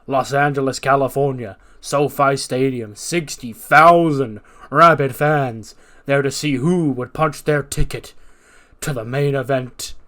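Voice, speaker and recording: A man's voice: mid-range voice, a little slow, fairly bright tone, close to an everyday voice. A man voicing a boastful male wrestling superstar who cuts a grand promo about himself in the third person.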